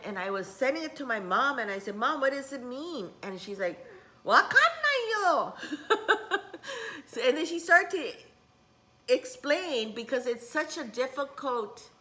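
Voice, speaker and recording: A woman's voice: a little high, animated, unhurried. A middle-aged woman who teaches spiritual workshops, rambling in a casual vlog and dropping in Japanese words. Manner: rambling, warm-hearted, mixes in Japanese words.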